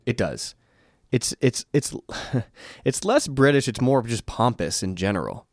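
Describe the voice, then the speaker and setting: A man co-hosting a podcast, chatting casually with joking, deadpan asides. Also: mid-range voice, a little slow, no room sound, clean studio sound. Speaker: podcast co-host. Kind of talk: casual chat.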